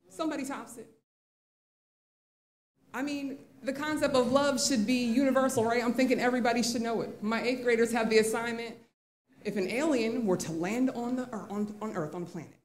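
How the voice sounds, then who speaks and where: A woman teacher telling a candid, conversational story on stage at a live event. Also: a little high. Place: live event in a museum venue. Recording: echoey live venue.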